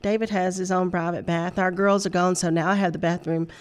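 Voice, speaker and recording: A woman's voice: fairly low pitch, steady tone, a little fast, smooth. A middle-aged woman, laughing often as she tells a personal story on a faith talk show. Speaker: guest.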